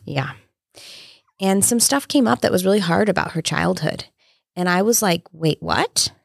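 A woman's voice: lowish voice, expressive, normal speed, vocal fry, no echo, studio quality. A woman in her thirties talking earnestly in a casual conversation, telling personal stories with many "like" fillers.

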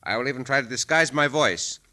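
An actor playing a calm, courteous Mexican caballero hero in an old radio drama. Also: male voice, medium pitch, brisk.

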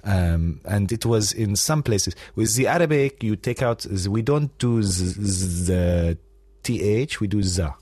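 A man's voice: lowish voice, lively intonation, unhurried, a little mellow, breathy edge, no room sound. A man hosting a casual chat, hesitant and chatty, laughing easily.

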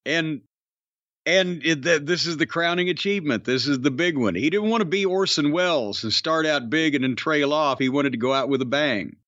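A man's voice: fairly high pitch, normal speed, a bit bright, no echo, lo-fi sound. A man co-hosting a podcast in a casual way, blunt, profane and sarcastic. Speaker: podcast co-host.

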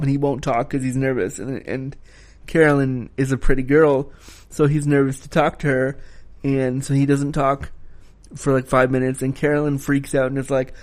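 A man's voice: mid-range voice, level tone, normal speed, a little mellow. A man giving a casual spoken film review, talking frankly and critically, with the occasional swear word.

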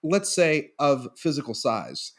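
A man's voice: fairly high pitch, big pitch swings, unhurried. A man in casual podcast chat, wry and self-deprecating. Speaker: podcast co-host.

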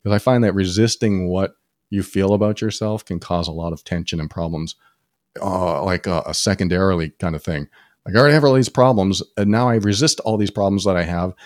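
A man co-hosting a casual podcast, telling personal stories in an animated way and acting out the people he quotes. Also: a little fast, no room sound, studio quality. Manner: animated storytelling, acts out quoted people with sudden high pitch jumps. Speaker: podcast co-host. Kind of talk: casual conversation.

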